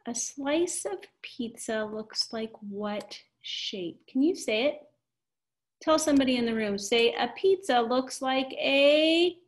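A woman with a fairly high, fairly bright voice teaches a kindergarten math video lesson. She's cheerful and encouraging, exaggerating her voice for young children.

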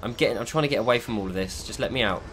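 A man's voice: medium pitch, rapid-fire, background noise. A man giving frustrated, swear-filled commentary while playing a shooter game. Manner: frustrated, heavy swearing, exasperated. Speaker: gamer. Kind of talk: gameplay commentary.

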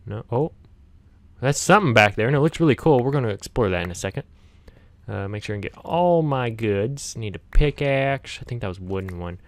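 A man's voice: mid-range voice, animated, brisk, no room sound. A man hosting a gaming channel, chatting to viewers as he plays, easily startled, with yelps and laughs. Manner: talks directly to viewers. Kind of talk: casual gameplay commentary.

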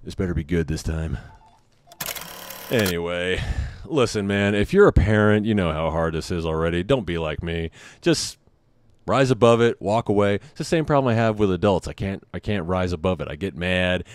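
Lowish guy ranting about dad life, swears a lot, makes fun of himself, dry sound. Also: clean tone, no echo. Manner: animated storyteller, blunt and profane, self-deprecating. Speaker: host of a parenting podcast. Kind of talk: casual monologue.

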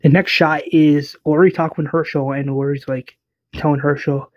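A man's voice: a little high, steady tone, normal speed, a little hiss or hum. A man casually retelling an episode and voicing its characters, rambling with many fillers. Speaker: fan narrator retelling an episode.

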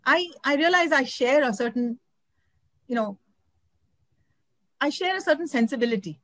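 A woman's voice: high voice, expressive, moderate pace, fairly bright tone, dry recording, low-quality recording. A woman from India talking expressively about translating a novel, often searching for words and restarting. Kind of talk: conversational talk about translating.

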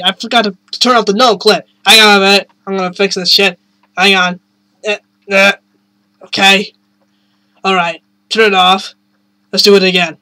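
A woman's voice: mid-range voice, steady tone, normal speed, long pauses, bright, forceful tone, faint music behind. A woman casually narrating a joke game video, swearing and interrupting herself in an offhand way.

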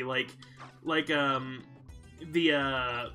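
A man's voice: fairly high pitch, measured pace, faint music behind. A young man hosting a let's play, casually retelling a film in a rambling, filler-heavy way. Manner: rambling, filler-heavy storyteller who acts out quotes loudly.

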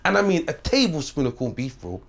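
A man's voice: a little high, a little fast, vocal fry. Streetwise man lilt. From St Vincent. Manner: animated, streetwise, swearing, acts out quoted voices. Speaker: interview guest. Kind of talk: casual storytelling interview.

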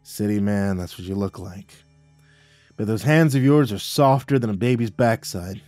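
A man voicing the ghost of a drunken, contemptuous father, with a rough, slurring, rasping voice. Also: on the low side, moderate pace, darkish tone, dry recording, faint music behind, close to an everyday voice. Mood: mocking.

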